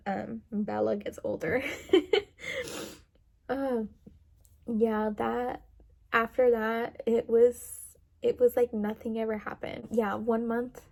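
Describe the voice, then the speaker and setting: A woman's voice: fairly high pitch, creaky, dark tone. A young woman chatting to camera in a rambling way with lots of fillers, emotional and near tears. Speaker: vlogger. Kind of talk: casual chat to camera.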